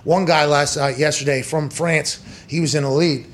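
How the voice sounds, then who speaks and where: A man's voice: a little high, moderate pace, slight background noise. A man hosting a sports podcast, telling crude comic stories in a loose, joking way. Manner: animated, crude joking, building comic rants. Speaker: podcast host. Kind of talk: casual sports chat.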